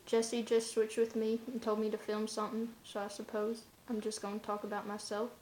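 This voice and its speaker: A woman's voice: mid-range voice, completely flat delivery, brisk, a little mellow, a little hiss or hum. A woman talking in a casual vlog monologue, rambling and offhand, in loose run-on asides. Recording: roomy echoey room.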